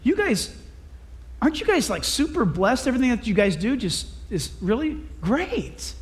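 A man playing a modest leader in a sermon retelling who calms a jealous tribe with gentle praise. The voice is very high but hushed and coaxing, playing himself down. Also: takes it slowly, big-room sound, exaggerated voice. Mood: soft flattery. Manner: soft, coaxing, flattering. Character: Gideon, humble flattering male leader.

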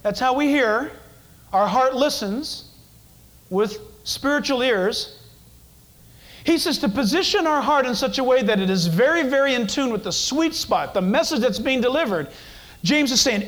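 High-voiced emphatic preacher. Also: male voice, animated, moderate pace, a bit bright, poor audio. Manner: emphatic, repetitive, rhetorical questions. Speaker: pastor. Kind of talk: sermon.

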